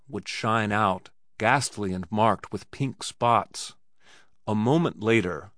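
A man reads a classic tale aloud in a measured, dramatic manner. His voice is on the low side, recorded close and dry. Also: no room sound. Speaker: narrator. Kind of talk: scripted story narration.

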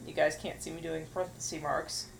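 A woman's voice: low voice, little pitch movement, a little fast, gravelly, slight background noise, rough recording. A woman co-hosting a podcast in casual chat, blunt and sarcastic, swearing casually. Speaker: podcast co-host.

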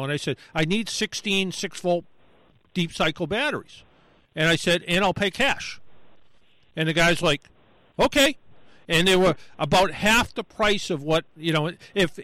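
A man with a slightly high voice spins a long, rambling story in casual chat, acting out every voice in the exchange himself. The sound is dry and close, with no room around it. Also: sharp tone, no echo, low-quality recording. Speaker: guest storyteller. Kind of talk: casual anecdote on a talk show.

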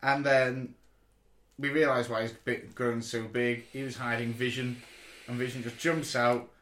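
A man co-hosting a podcast, retelling a comic plot in an excitable, animated way. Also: medium pitch, measured pace. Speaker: podcast co-host. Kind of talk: casual chat. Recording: echoey room.

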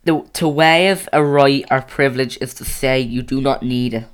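A teenage podcast host chatting casually, rambling with lots of restarts, close on a boom mic. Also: moderate pace, clear, resonant tone. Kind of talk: casual chat. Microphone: boom mic on a stand.

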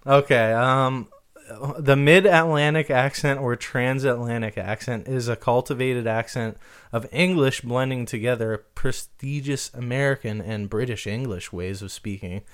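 A man co-hosting a comedy podcast in casual chat, jokey and quick to laugh, with lots of fillers. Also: mid-range voice, fairly even intonation, clean tone. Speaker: podcast co-host.

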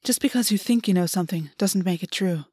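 A woman's voice: mid-range voice, quick pace, dark tone, slightly rough, no echo, clean studio sound, lightly acted. A woman reading a stern, commanding fae lord. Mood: stern insistent. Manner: stern, insistent. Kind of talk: audiobook reading.

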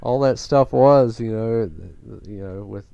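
A man co-hosting a podcast with a dark, mellow voice, chatting casually with a friend. He rambles in a relaxed way and reaches for "you know" and "uh" while he gathers his thoughts. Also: lowish voice, unhurried, creaky, highs cut off, slight background noise. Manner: laid-back and rambling, full of "you know" and "uh". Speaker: podcast co-host. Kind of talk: casual chat about wrestling history.

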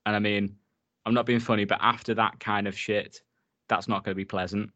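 A man's voice: fairly low pitch, little pitch movement, a little fast, sharp tone, dry recording, highs cut off. A man giving a casual, chatty movie recap, giggling often and swearing freely. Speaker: film recap host.

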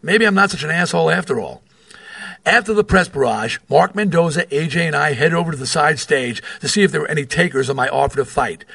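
A man's voice: on the high side, vocal fry, breathy edge, dry recording. A middle-aged man from New York hosting a podcast, reading from his memoir and telling rock stories with wry, profane asides. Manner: animated storyteller, wry and profane, with asides off the page.

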